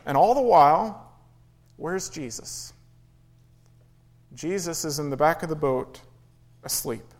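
A man's voice: high voice, low-quality recording. A man preaching a sermon in an earnest way, rising and falling for emphasis and acting out quoted pleas. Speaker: pastor.

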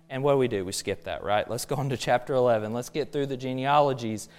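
A man's voice: medium pitch, quick pace, few pauses, clean tone. A man preaching a sermon, emphatic and full of rhetorical questions.

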